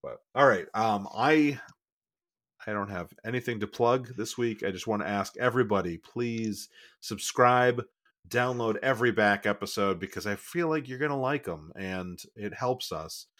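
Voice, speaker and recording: A man's voice: lowish voice, animated, a bit bright, dry recording, clean studio sound. A man co-hosting a podcast who rambles and corrects himself as he chats casually. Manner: rambling, self-correcting, quick laughs. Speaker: podcast co-host. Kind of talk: casual chat.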